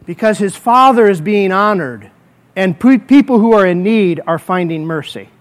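High-voiced preacher, man, emphatic. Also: expressive. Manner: emphatic, slows down to stress key words. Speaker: pastor. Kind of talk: sermon.

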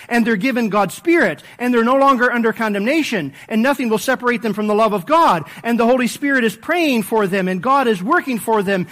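A male pastor preaching a sermon in a conversational way, with frequent fillers and restarts, and praying in a softer voice. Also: extremely high pitch. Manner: conversational preaching with frequent fillers, dropping to a soft hush in prayer.

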